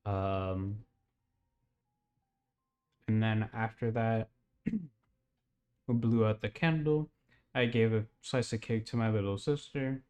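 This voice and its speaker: A man's voice: fairly low pitch, fairly even intonation, slow, long pauses, darkish tone, faint music behind. A young man casually retelling a strange dream, rambling with lots of fillers and laughs. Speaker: podcast host.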